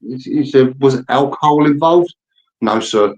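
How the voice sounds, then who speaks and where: A man in his fifties swears freely as he rambles through old stories. His voice sits at an ordinary middle pitch, in easy, casual chat. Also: measured pace, darkish tone, muffled recording. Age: 50s. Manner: rambling, profane storytelling. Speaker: birthday guest telling stories.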